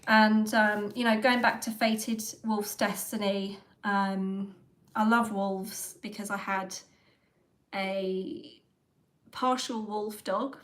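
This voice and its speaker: A woman's voice: mid-range voice, fairly even intonation, slow, fairly bright tone. Woman, middle-aged, livestream host; chatty, rambling delivery, mid-range voice. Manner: chatty, rambling, with frequent ums and laughs. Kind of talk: casual chat about an author.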